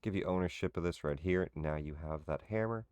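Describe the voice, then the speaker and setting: A man with a very deep voice runs a tabletop game session. He narrates actions and calls results in an easygoing, matter-of-fact way, pausing on fillers as he checks rules. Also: a little mellow, clear, resonant tone, no echo, muffled recording. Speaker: game master. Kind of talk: running a tabletop game online.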